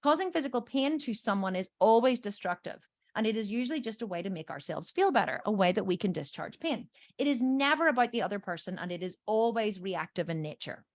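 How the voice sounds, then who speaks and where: A woman's voice: medium pitch, animated, a little fast, no echo, studio quality. A woman hosting a coaching podcast, a mother telling a story in an emphatic, swearing way and acting out the voices of the people in it. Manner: acts out quoted voices in her stories. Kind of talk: storytelling monologue.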